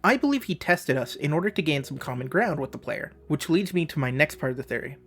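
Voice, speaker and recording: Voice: medium pitch, expressive, fast talker, faint music behind. A channel host casually explaining a game theory, with joking, self-deprecating asides and rambling tangents.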